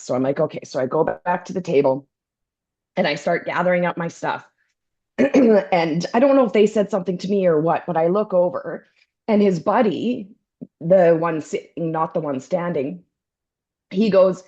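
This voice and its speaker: A woman co-hosting a podcast, telling an animated story in a slightly low voice. She jumps into quick impressions of the people she talks about. Her audio sounds a bit dull and lo-fi. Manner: acts out voices in her anecdotes, keeps clearing her throat. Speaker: podcast co-host.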